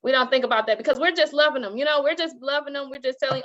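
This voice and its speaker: High-voiced woman telling classroom stories. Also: racing, dull audio. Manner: animated storytelling, acts out quoted voices, laughs often. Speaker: guest, teacher and author. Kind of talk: casual interview talk.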